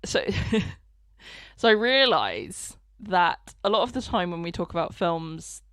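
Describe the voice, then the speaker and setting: A woman co-hosting a podcast, talking about favourite films in a relaxed, chatty way. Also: on the low side, slow, no echo, studio quality. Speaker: podcast co-host. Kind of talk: casual chat.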